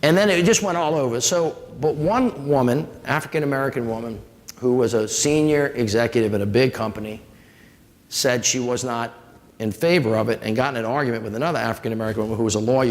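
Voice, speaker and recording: A former mayor from New Orleans gives a storytelling talk to a live audience, his mid-pitched voice gravelly and carrying a drawl. He keeps the crowd engaged with folksy, animated stories, acting out the people in them. A long hall echo hangs on the sound.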